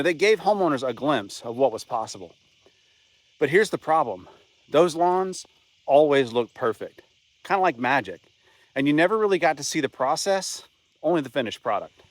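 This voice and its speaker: A man's voice: mid-range voice, dry recording. Guy doing voiceover narration, chatty and plain, super dry close mic. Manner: conversational, plainspoken. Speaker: channel host. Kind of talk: scripted documentary narration.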